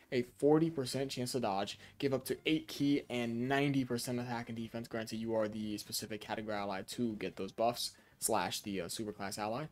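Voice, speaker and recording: A tired young man talks through a game card review in a casual, low-energy voice. His pitch sits in an ordinary middle range, and he pads his talk with fillers and quick self-corrections. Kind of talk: casual commentary.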